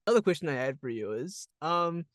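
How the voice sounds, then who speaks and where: Slightly high-voiced man hosting an interview. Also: animated, brisk, a crowd in the background. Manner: chatty, laughs, swears casually. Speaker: podcast host. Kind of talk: casual interview chat.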